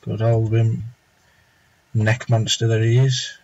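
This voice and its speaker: A man's voice: on the low side, level tone, takes it slowly, gravelly, darkish tone, dry recording, dull audio. A young man chatting casually and rambling as he draws live on stream, muttering to himself now and then. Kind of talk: casual chat while drawing.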